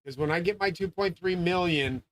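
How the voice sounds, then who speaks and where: A man hosting his own channel, rambling through a grandiose, swearing monologue and often yelling. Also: high-pitched, brisk, no echo, low-quality recording. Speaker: channel host. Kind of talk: profane monologue rant.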